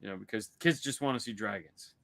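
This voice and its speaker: This podcast co-host's voice is fairly low, gravelly and fairly bright, and he talks at a quick pace. Chatting casually about movies, he drifts into rambling stories with lots of restarts.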